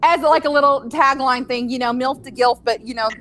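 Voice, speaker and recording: A woman's voice: high voice, brisk, a bit bright, slight background noise. Chatty Texas-accented grandmother. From California. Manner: chatty, rambling, laughs easily. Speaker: podcast co-host. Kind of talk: casual chat.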